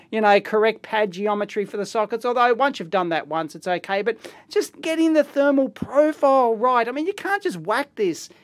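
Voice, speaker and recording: A middle-aged Australian man with a very high-pitched voice hosts a casual unboxing and teardown video from his electronics lab. He rambles excitably, full of exclamations and slang.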